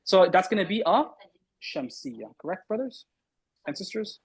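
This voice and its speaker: Husky-voiced man teaching Arabic. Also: high-pitched, very animated, moderate pace, poor audio. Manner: corrective, repeats words, quizzes students. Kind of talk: online class teaching.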